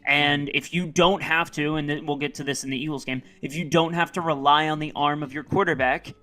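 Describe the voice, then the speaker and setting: A man co-hosts a sports podcast, talking hesitantly as he works through his points. His tone is bright and sharp, and his voice sits slightly high. Faint music plays softly underneath. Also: steady tone, a little fast. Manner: hesitant, thinking aloud with fillers. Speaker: podcast co-host. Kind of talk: casual sports chat.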